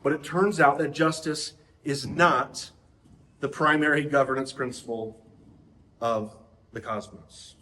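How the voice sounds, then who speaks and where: A man's voice: mid-range voice, fairly even intonation, a little slow, sharp tone, reverberant. Man preaching a conversational sermon. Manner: conversational, asks the audience questions.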